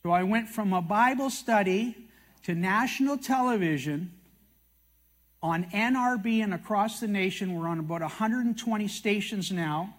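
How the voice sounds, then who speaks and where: A man's voice: sits high, moderate pace. An older man from Canada giving a folksy storytelling sermon about his life, with self-mocking asides and acted quotes. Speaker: TV prophecy teacher speaking at a meeting.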